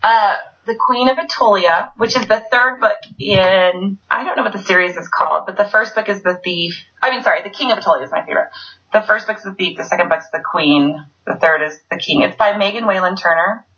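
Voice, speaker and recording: A woman's voice: medium pitch, fairly quick, fairly bright tone, dull audio. A woman author chatting effusively and rambling as a guest in an online interview. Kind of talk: casual interview chat. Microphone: video call.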